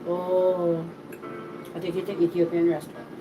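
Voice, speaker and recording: A woman's voice: lowish voice, completely flat delivery, normal speed, distant mic, music in the background, rough recording. A woman co-hosting a home cooking channel, chatting while eating and thanking viewers, her voice still a bit worn out from being unwell. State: voice still not fully recovered. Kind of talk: casual chat while eating.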